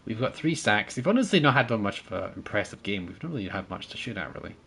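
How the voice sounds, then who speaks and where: A man's voice: on the low side, very animated, quick pace, gravelly, a bit bright, slight background noise. A man streaming a naval battle game, chatting with his viewers and teammates, thanking supporters and laughing often as he plays. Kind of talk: casual gameplay commentary.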